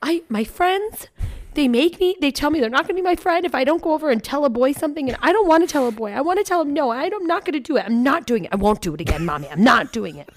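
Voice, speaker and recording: A woman putting on the voice of a tearful little girl, high-pitched and loud. She rushes her words out in a pleading tumble, insistent and upset. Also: animated. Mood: sobbing, pleading.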